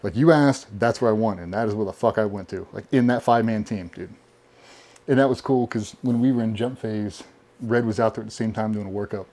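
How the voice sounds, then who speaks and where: A man being interviewed, telling animated stories casually with plenty of swearing. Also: lowish voice, fairly quick. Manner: profane, animated storyteller. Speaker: podcast guest.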